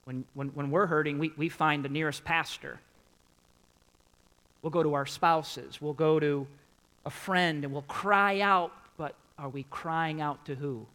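A man's voice: a little high, measured pace, rough recording. A pastor preaching a sermon to his congregation, putting questions to his listeners and repeating key points for emphasis. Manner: animated, swinging from quiet to loud.

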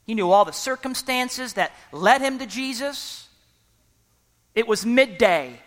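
A preacher giving an emphatic sermon who often pauses for the congregation to fill in a word and keeps urging people to listen. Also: medium pitch, expressive, fairly bright tone, long reverb tail. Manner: repeatedly urges listeners to listen.

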